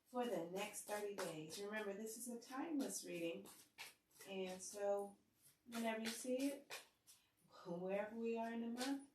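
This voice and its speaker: A woman's voice: a little high, recorded from a distance, background noise. A woman giving a casual tarot reading to her viewers, chatty and playful, talking to the cards as she lays them out. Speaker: tarot reader. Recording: roomy sound, set back from the mic.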